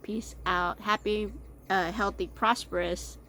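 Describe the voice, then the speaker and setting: A woman's voice: mid-range voice, fairly even intonation, slow, pushed and bright, a little hiss or hum. A middle-aged woman from Texas with a Texan accent, hosting a casual chat show and rambling as she stumbles over her words. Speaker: podcast host.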